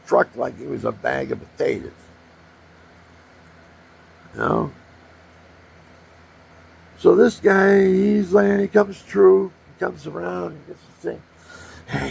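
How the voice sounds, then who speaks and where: An older man with a gravelly voice, rambling through personal stories and acting out punches with sound effects. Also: fairly high pitch, a little hiss or hum. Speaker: storyteller.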